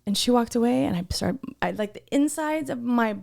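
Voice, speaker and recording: A woman's voice: fairly high pitch, brisk, vocal fry. A woman co-hosting a podcast, telling a workplace story in casual, heated talk, swearing often. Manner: swears a lot, heated and animated retelling. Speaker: podcast co-host.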